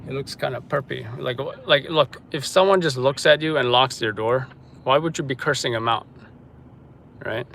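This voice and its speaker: A man's voice: mid-range voice, normal speed, creaky, a bit bright, slight background noise. A young man from Kazakhstan hosting a casual livestream from inside his car, joking and reading out viewer comments. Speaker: livestream street news reporter.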